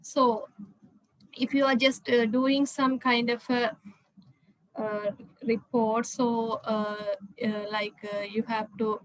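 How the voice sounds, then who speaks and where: Woman lecturer, high pitch, halting delivery full of fillers, slide-lecture read. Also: level tone, dry recording, low-quality recording. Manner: hesitant, frequent "uh" fillers and restarts.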